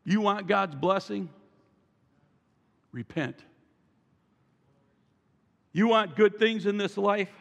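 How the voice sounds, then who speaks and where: High-voiced preaching man, gravelly, echoing hall. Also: slow, pauses often, a bit bright. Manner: emphatic preaching with call-and-response to the congregation. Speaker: pastor. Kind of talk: sermon. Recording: long reverb from a large hall.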